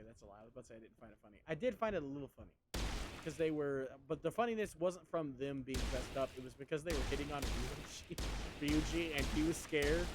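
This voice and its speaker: A man's voice: on the high side, noisy background. Rambling male streamer. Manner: rambling, conversational, with many fillers and restarts. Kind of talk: casual chat while streaming.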